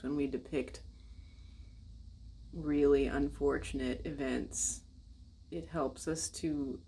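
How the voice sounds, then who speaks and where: A woman's voice: rumbling low, gravelly, darkish tone, breathy edge. An American woman vlogging in casual, blunt, rambling talk, swearing and speaking straight to her viewers. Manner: blunt, rambling and profane, addresses viewers directly.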